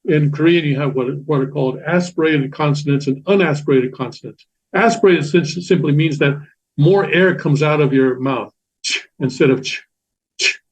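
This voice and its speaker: Patient man teaching, slightly high voice. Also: moderate pace, a little mellow. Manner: patient, repetitive, many fillers and restarts. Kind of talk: classroom lecture explaining Korean letters. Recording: dull lo-fi sound.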